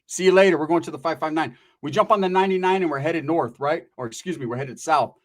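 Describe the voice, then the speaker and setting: A man's voice: a little high, quick pace. Slangy man telling a crude comic story. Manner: loose, slangy, keeps tagging "right?".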